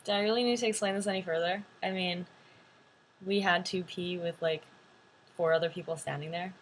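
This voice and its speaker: A woman's voice: mid-range voice, moderate pace, slight background noise. A young woman vlogger telling a story to camera in a chatty way, full of "like" fillers. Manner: chatty, animated, many "like" fillers.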